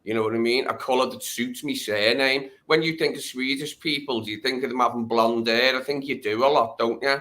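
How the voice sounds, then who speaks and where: A man's voice: mid-range voice, steady tone, a little fast, hardly any pauses, a bit bright. A man with a Scouse accent, chatting casually and joking at his own expense, with fillers. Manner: chatty, self-mocking, with fillers. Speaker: guest. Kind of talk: casual chat.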